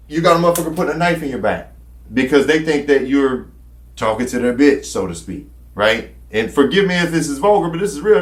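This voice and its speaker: A man with a fairly high voice tells his story candidly and casually, swearing freely and wandering off with fillers. The sound is roomy, with a noticeable echo. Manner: candid, profane, rambling with fillers. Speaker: host telling his story.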